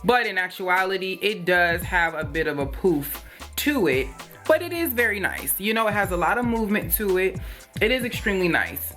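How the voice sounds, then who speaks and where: Bright, chatty woman vlogger. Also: medium pitch, lively intonation, moderate pace. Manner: chatty and rambling, with many fillers and asides; playful, jokes and laughs. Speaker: hair review vlogger. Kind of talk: casual product review chat. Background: faint music.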